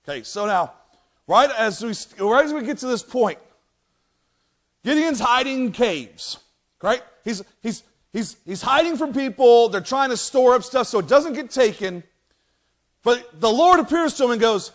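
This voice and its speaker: A man preaching a sermon as pastor in a church, reading scripture aloud and acting out lines with many restarts and animated emphasis. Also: high voice, normal speed. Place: church sanctuary.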